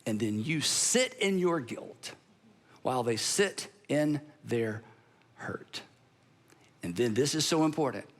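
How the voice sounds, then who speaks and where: A male pastor in his sixties delivering a sermon with emphatic pauses, leading the congregation to repeat phrases aloud. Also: mid-range voice. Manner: animated, emphatic, pauses for effect; leads the congregation in call-and-response practice.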